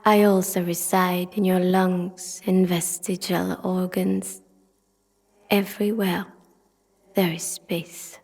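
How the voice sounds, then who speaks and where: A whispered role-play of a city spirit in a video game. The voice is an unvoiced, breathy whisper, slow and even, with hardly any rise or fall. A long, hall-like reverb trails each phrase. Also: female voice, lowish voice, full character voice. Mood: intimate. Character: the city itself, an ancient loving spirit.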